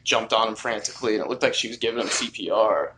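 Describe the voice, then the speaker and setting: A man on a casual podcast, telling a story in a rambling, profane way that gets animated as it builds. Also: on the low side, quick pace.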